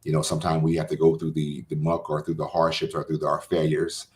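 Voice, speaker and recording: A man hosting as a pastor in a casual interview, sincere and halting with many restarts. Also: extremely low pitch, completely flat delivery. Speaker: pastor and podcast host.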